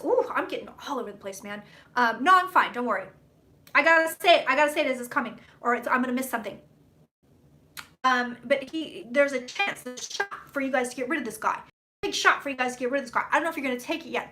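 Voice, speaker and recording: A woman psychic doing live predictions on a stream, talking bluntly and profanely in quick, rambling bursts. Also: sits high, pushed and bright.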